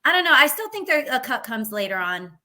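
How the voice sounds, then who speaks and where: A woman's voice: sits high, big pitch swings, brisk, pushed and bright. A woman co-hosting a casual sports talk show, thinking aloud with hesitant fillers. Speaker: co-host.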